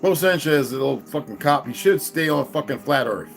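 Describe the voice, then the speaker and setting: A man delivering a profane, confrontational ranting monologue as an online commentator, swinging from loud outbursts to low mutters. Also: animated, fairly quick, vocal fry, soft background music.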